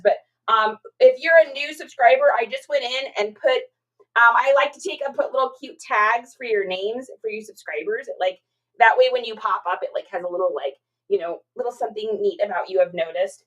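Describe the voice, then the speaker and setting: A woman's voice: on the high side, poor audio. A woman hosting a casual livestream from home, talking through her reselling work in a rambling, chatty way and reading out viewer comments. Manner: chatty and rambling, many fillers, reads chat aloud.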